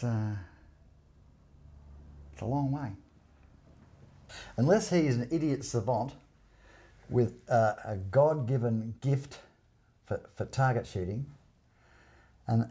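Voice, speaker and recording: An older man, bluntly recalling a story with halting restarts. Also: lowish voice, dark tone. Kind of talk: casual recollection.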